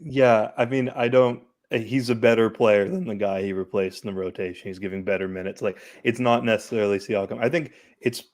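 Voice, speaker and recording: A man on a basketball panel, giving casual, matter-of-fact analysis in a measured way. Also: on the low side, a little mellow.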